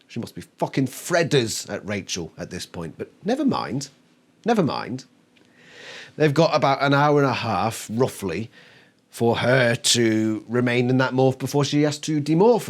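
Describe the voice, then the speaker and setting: Exasperated man ranting and swearing. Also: medium pitch. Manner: exasperated, swears constantly, mocks by acting out quotes. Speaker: book reviewer. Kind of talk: ranting video review. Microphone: camera.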